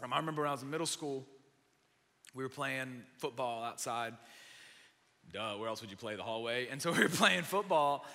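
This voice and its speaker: A young man preaching a sermon, telling a self-mocking story with lively, animated humor. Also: mid-range voice, a little fast, pauses often. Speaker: pastor. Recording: long hall reverb.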